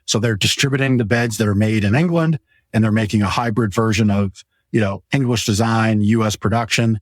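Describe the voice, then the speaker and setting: Speaking briskly in a lowish voice, a man hosts a casual podcast in his own mattress showroom. The recording is dry, and he chats about his merchandise in a rambling, eager sales style.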